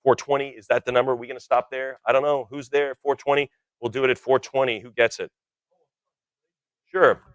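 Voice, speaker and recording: Auctioneer, man in his 60s, rapid bid chant with playful banter, mid-range voice, dry close mic. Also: medium pitch, flat delivery, dry recording. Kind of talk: live auction calling.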